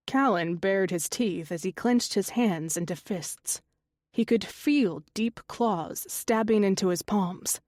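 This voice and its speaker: A woman narrating a fantasy romance audiobook in a steady storytelling manner. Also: mid-range voice, measured pace, dry recording, clean studio sound. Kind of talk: scripted narration.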